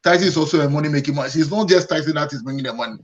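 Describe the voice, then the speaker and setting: A man's voice: a little high, very fast, a crowd in the background. A man arguing his points on a panel, emphatic and repetitive. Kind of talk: opinionated panel discussion. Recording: dull lo-fi sound.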